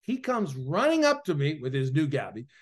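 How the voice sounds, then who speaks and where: A man's voice: a little high, wildly swooping pitch, moderate pace. A preacher and author, a man, telling an earnest, emotional personal testimony as an interview guest. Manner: earnest, emotional storytelling that swells louder at its peaks.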